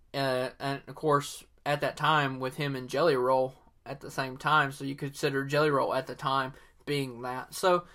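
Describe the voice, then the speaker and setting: A man's voice: mid-range voice, pushed and bright. A man with a Southern accent hosting a solo podcast, rambling casually with lots of fillers and opinions. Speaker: podcast host.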